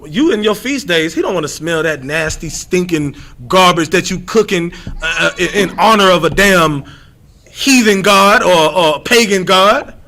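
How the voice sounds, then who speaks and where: A man's voice: sits high, animated, a little slow, bright, forceful tone. A man leading an informal Bible lesson, emphatic and repetitive, calling on readers by title. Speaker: scripture teacher.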